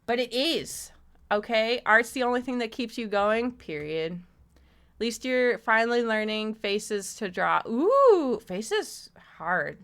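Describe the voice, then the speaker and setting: Brief: woman streamer, bright tone, fairly high voice, loose profane chat to her audience. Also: slow pace, clean tone. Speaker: live streamer. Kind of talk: casual live-stream chat with viewers.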